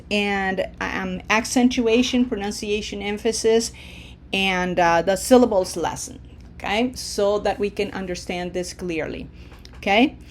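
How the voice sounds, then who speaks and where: A woman gives a language lesson at an unhurried pace. She says each word slowly and clearly so the learner can repeat it, and a faint noise sits under her voice. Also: medium pitch. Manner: slow, deliberate, drills words for the learner to repeat. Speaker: Spanish teacher.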